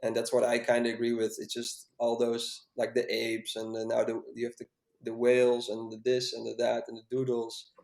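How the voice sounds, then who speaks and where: A man's voice: mid-range voice, monotone, normal speed, creaky, a little mellow, echoey room. A man chatting casually on a podcast as a music coach, hesitant and full of fillers.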